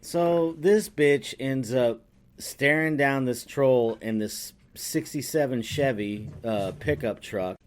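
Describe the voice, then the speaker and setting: A man co-hosting a podcast, recapping a movie in a profane, rambling chat that swings from animated to muttering. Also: mid-range voice, slow pace. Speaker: podcast co-host.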